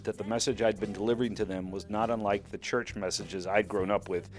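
A man telling a personal story in the first person, with wry, mocking asides, over a soft music bed. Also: on the low side, steady tone, a little fast.

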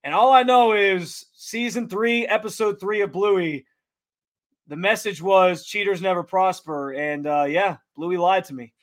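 A man in his thirties co-hosting a sports talk show in a casual, joking way. He often stumbles and repeats words as he gets going. His voice sits high for a man. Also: a little slow. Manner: stammering, joking, restarts a lot. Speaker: sports radio co-host.

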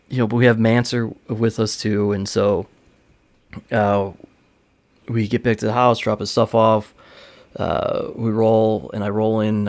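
A man hosting a podcast, telling a backstage story in a loose, rambling way, swearing casually and laughing now and then. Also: fairly low pitch. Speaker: podcast host, wrestling promoter.

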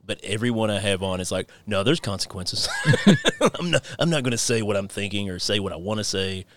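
A man in his thirties hosts a casual podcast, rambling through animated stories and laughing often. His pitch is fairly low and his pace fairly quick, with slight background noise.

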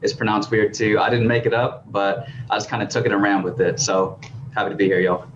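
A man's voice: on the low side, little pitch movement, brisk, a little hiss or hum. Friendly man on a muffled call. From Philippines, raised in Texas. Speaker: guest. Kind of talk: casual chat. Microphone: video call. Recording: muffled video call audio.

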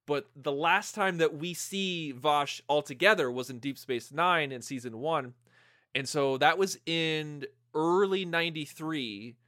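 A man co-hosting a podcast, chatting casually and brainstorming ideas out loud. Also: a little high, measured pace, dry recording, studio quality. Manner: brainstorming, acts out scenes in quoted voices. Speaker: podcast co-host. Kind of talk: casual fan chat.

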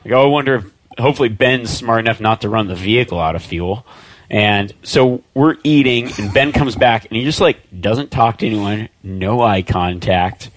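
Animated man telling a hunting story. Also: lowish voice, moderate pace, no echo. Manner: animated storyteller, acts out quoted voices. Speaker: podcast guest. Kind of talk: casual storytelling.

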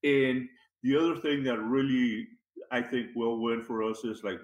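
Male guest, mid-pitch, chatty rambling storyteller, roomy sound. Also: flat delivery, measured pace. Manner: rambling, conversational, many fillers and restarts. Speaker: interview guest. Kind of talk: casual storytelling. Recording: roomy echo.

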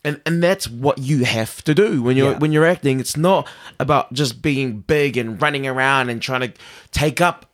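A man from New Zealand with a Kiwi accent, co-hosting a podcast in casual chat, animated, laughing often and repeating words as he thinks. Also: medium pitch, normal speed. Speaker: podcast co-host.

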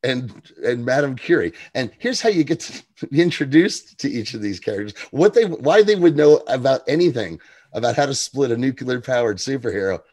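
Talking a little fast at medium pitch, a man co-hosts a podcast where he casually recaps a TV episode. He's lively, laughs a lot, and quotes the characters by acting out their lines in put-on voices.

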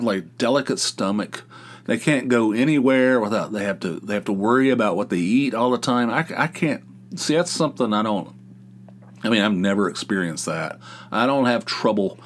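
A middle-aged man talks through a loose solo podcast monologue in a lowish voice. He swears casually, wanders off track, and circles back with "anyway." The delivery is unscripted, conversational and full of restarts. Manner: rambling, profane, easily sidetracked. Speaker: podcast host.

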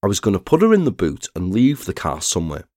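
Low-voiced man narrating true crime. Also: wildly swooping pitch, darkish tone, dry recording, studio quality. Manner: measured, reads statements aloud plainly.

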